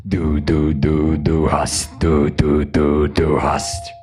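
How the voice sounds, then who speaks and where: Booming metal frontman, deep slow growl, menacing. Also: soft background music, full character voice.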